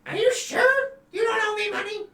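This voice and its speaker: A man voicing a shrill, suspicious male creditor who keeps asking about debts. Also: steady tone, moderate pace, pushed and bright, exaggerated voice. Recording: roomy, distant mic.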